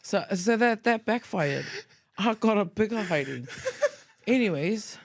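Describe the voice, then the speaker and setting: A woman, co-hosting a podcast, telling school stories in a casual, lively way, acting out quoted voices and mixing in Tongan words. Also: medium pitch, measured pace. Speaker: podcast co-host. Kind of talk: casual storytelling chat.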